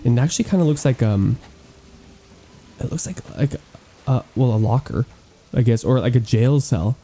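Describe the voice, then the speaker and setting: A man giving excitable, gushing gameplay commentary as he tours a game island, cracking playful puns. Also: medium pitch, moderate pace, a little hiss or hum. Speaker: gaming YouTuber touring an island.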